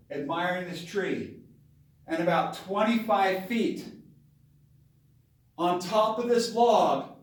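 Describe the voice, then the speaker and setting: A father telling a personal story to his camera in a dramatic, excitable way, with sudden bursts of yelling. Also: sits high. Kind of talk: animated story time on camera. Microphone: camera mic at a distance. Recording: very echoey room, voice far from camera.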